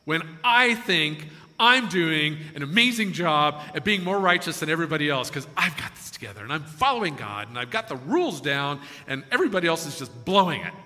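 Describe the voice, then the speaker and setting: A man preaching a sermon to a congregation, animated and acting out quoted voices with chuckles. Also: on the high side. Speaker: pastor. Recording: long hall reverb.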